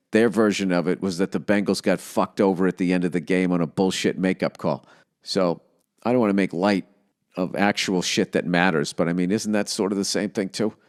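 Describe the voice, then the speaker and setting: Swearing, rambling comedic podcast host. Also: male voice, sits low. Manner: profane, rambling, heavy swearing. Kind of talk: comedic monologue rant.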